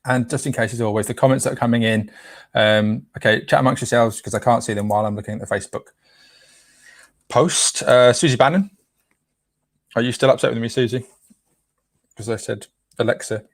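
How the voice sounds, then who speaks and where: A man's voice: mid-range voice, steady tone, brisk, pauses often, dry recording. A man hosts a casual live stream, chatting playfully and tripping over names as he reads them out.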